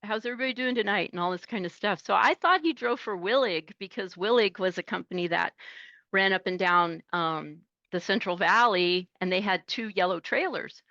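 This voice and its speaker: Woman trucker guest, fifties, lively storyteller who acts out voices; dry, somewhat dull recording. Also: fairly low pitch, moderate pace, no echo. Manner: animated, laughing, acts out voices. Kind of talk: casual interview storytelling.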